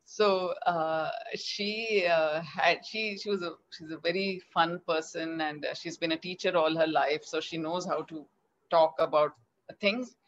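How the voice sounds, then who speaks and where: A woman's voice: sits low, measured pace. A middle-aged woman with an Indian English accent, a children's author telling a story in an interview and acting out the dialogue, heard over a video call. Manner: animated, acts out quoted dialogue. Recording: slightly dull lo-fi audio.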